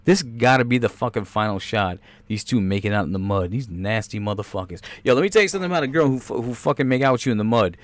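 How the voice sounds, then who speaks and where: A man's voice: mid-range voice, expressive, fast talker, few pauses, no room sound. A man doing crude, rambling comedic commentary over a movie trailer, cursing constantly and slipping into impressions. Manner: profane, rambling, jumps into impressions.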